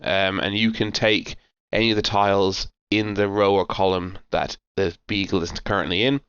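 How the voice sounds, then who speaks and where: A man's voice: deep voice, little pitch movement, moderate pace, fairly bright tone, clear, resonant tone, no echo, muffled recording. A man co-hosting a board game podcast, chatting casually and rambling with lots of fillers and restarts. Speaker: podcast co-host. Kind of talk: casual chat.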